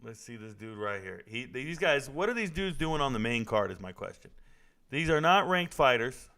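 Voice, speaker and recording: Man, live fight reaction, excitable, gravelly, mid pitch, casual. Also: normal speed. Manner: excitable, blurts reactions and talks to chat.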